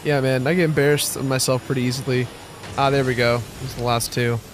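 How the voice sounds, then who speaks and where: A man's voice: mid-range voice, level tone, fast, slight background noise. A young man chatting casually during a let's play, self-deprecating and talkative. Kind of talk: casual gameplay banter.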